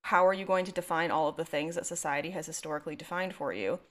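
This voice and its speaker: Young woman podcast co-host with a slightly low voice, sarcastic and long-winded. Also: steady tone, fast talker. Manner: talkative, wry and sarcastic, rambling on side thoughts. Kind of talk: casual podcast chat.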